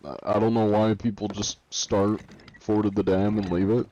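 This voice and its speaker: A man's voice: lowish voice, level tone, moderate pace, dark tone, highs cut off, a little hiss or hum. A man streaming a pirate game live, reading viewer comments aloud and answering them in a joking, laid-back way. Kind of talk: casual live-stream chat while gaming.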